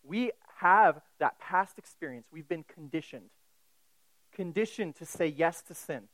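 A man's voice: on the high side, unhurried, a bit bright, dry recording, low-quality recording. A man preaching a sermon in a conversational way, often asking the listeners questions.

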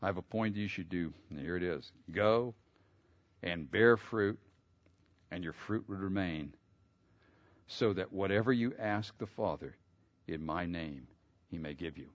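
A man preaching a sermon. He reads scripture aloud, explains it, and builds to loud, emphatic peaks. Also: low voice, a little slow, long pauses, dry recording. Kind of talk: sermon, expository Bible teaching. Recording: dull lo-fi sound.

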